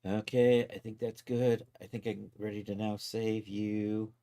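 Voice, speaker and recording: A man livestreaming his 3D art work in a casual, chatty way, talking to viewers and to his software as he goes and chuckling often. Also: fairly low pitch, little pitch movement, a little slow. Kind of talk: casual live-stream commentary.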